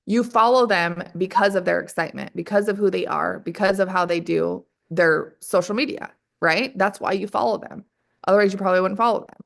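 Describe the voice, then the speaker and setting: A woman leading a motivational training call for her sales distributors, energetic and full of rapid rhetorical questions. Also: mid-range voice, vocal fry. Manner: energetic, keeps calling the audience "you guys".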